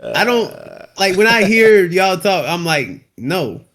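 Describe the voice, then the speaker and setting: A man's voice: high-pitched, lively intonation, unhurried, fairly bright tone. A man co-hosting a podcast, talking casually with slang, laughing often and hesitating when put on the spot. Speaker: podcast co-host. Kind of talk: casual chat.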